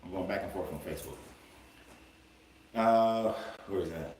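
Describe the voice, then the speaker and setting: A man's voice: low-pitched, normal speed, long pauses, a little mellow, far from the mic. A man hosting a live-streamed Bible commentary, talking emphatically and colloquially and firing off rhetorical questions. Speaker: life coach and livestream host. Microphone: livestream setup. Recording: roomy room with faint background noise.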